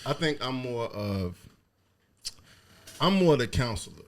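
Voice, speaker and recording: A man's voice: mid-range voice, expressive, a little slow. A man hosting a casual podcast chat, talking in a laid-back, profane way and laughing often. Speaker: podcast host.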